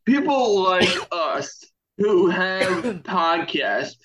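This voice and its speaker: A man co-hosting a podcast, making his points in a deliberate, emphatic way. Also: high voice, expressive, a bit bright, roomy sound, slight background noise, rough recording. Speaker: podcast co-host. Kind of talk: casual chat.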